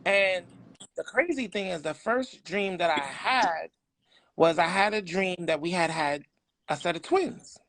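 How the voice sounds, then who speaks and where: A middle-aged man from New York City, a podcast guest telling candid personal stories in an animated, emphatic way. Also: high-pitched, measured pace, no echo.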